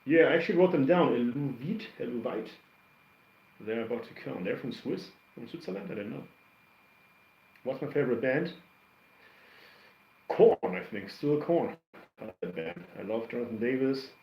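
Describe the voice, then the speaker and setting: At home on a livestream where he reacts to music, a man chats casually and replies to comments in a creaky, medium-pitched voice at normal speed with long pauses. He's an animated, rambling storyteller who often starts over, heard through roomy, somewhat dull audio with slight background noise.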